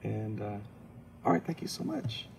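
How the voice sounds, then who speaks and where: A man's voice: lowish voice, normal speed, vocal fry, slight background noise. A man, a comedian, telling a story as an interview guest and acting out the scenes. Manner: animated, acts out scenes and voices.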